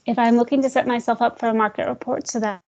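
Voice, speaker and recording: A woman leading a screen-share software tutorial for real estate agents, talking casually, calling her listeners "guys" and joking about slow screens. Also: a little high, fairly even intonation, lo-fi sound, slight background noise. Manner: chatty, addresses audience as guys, jokes about glitches.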